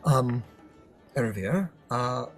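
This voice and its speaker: A man voicing a solemn council master who delivers formal news in a measured way. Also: mid-range voice, lively intonation, a bit bright, faint music behind.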